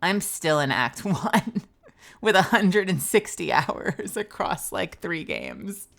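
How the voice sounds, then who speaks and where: Woman streamer, low-ish but bright and edgy tone, rambly casual chat. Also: wildly swooping pitch, takes it slowly, creaky. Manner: chatty, rambling, filler-heavy. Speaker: streamer and voice actor.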